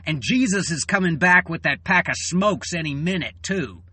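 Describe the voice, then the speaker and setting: A man in an angry, swearing political rant, tired and fuming, halting and then bursting out loud. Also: a little high, animated, husky. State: weary and fuming. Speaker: channel host.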